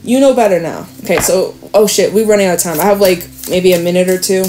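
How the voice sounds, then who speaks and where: A woman's voice: lowish voice, fast, warm tone, soft background music. A woman reading tarot cards to camera in a casual, chatty way, laughing often and reassuring her viewers. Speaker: tarot reader.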